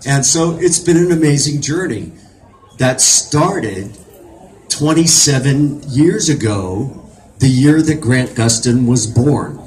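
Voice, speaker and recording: A man from Virginia speaks as a convention panel guest at a middle, unremarkable pitch. He tells his stories with animation and slips into the voices of the people he quotes. A faint hiss sits under his voice. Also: normal speed. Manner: animated, acts out the lines of others in the story. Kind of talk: storytelling on a fan convention panel.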